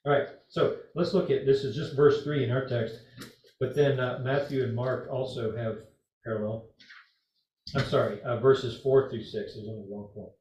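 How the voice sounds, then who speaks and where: A man leading a group Bible study, talking in a halting, conversational, gently teasing way. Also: medium pitch, fairly even intonation, slight background noise. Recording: far, roomy, dull recording.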